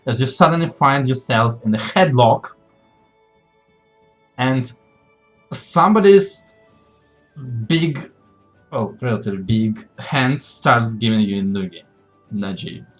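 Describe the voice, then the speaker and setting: A man narrating as game master of a tabletop game, relaxed and quick to laugh at himself. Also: medium pitch, faint music behind.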